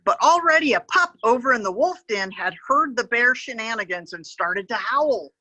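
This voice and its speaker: A woman reading a picture book aloud to children as a park educator, gently pointing to the pictures and adding animal sound effects. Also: on the high side, animated, normal speed, few pauses, no echo, lo-fi sound.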